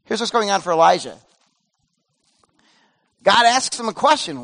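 A man in his fifties preaching a casual, earnest sermon as pastor, swinging between loud pleading and hushed softness. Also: sits high, sing-song, normal speed, gravelly. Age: 50s.

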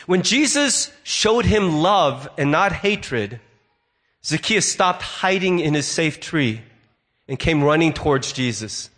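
A man's voice: on the high side, very animated, slow pace, fairly bright tone. A male pastor giving a sermon, telling a story and briefly voicing the people in it. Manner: storytelling, acts out voices in quotes.

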